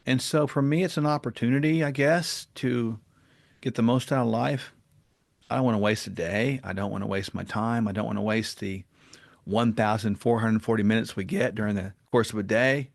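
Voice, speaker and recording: A man talking as a podcast guest, telling stories in an earnest and animated way. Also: lowish voice, moderate pace, vocal fry. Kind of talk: casual interview talk and storytelling.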